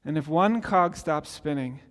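A man's voice: on the high side, expressive, measured pace, in a large hall. A man in his forties preaching a sermon in a conversational, storytelling manner, often restarting his sentences. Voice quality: conversational, self-interrupting storyteller. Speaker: pastor.

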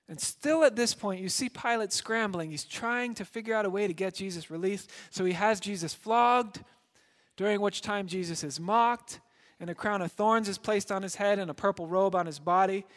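Dramatic male preacher in a reverberant hall. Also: high voice. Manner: dramatic, swings from loud to hushed. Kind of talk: sermon storytelling.

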